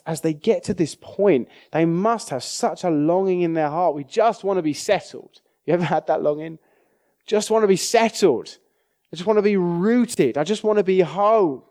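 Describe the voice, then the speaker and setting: A man's voice: mid-range voice, mellow. A man preaching a sermon in a conversational way, often checking in with his listeners.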